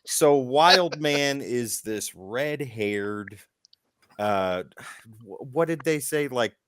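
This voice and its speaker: A man's voice: mid-range voice, extremely slow, over a noisy crowd. A man co-hosting a casual comic-book podcast, retelling scenes with acted quotes and the occasional swear. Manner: animated storytelling, acts out quotes, swears. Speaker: podcast co-host.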